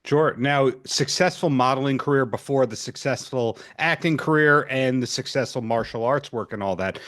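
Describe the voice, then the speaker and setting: A man hosting a podcast interview, asking long, measured questions in a conversational way. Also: mid-range voice, fairly bright tone. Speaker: podcast host.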